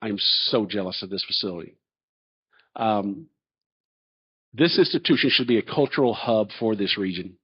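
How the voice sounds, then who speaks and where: A man's voice: lowish voice, normal speed, pauses often, breathy edge. A middle-aged man with a drawl speaks at a public forum and tells stories with lots of folksy asides. His voice rises and falls all over the place as he talks. The sound is dull and lo-fi. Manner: animated storytelling, folksy. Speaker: chancellor candidate. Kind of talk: public Q&A presentation. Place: large hall. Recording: dull lo-fi audio.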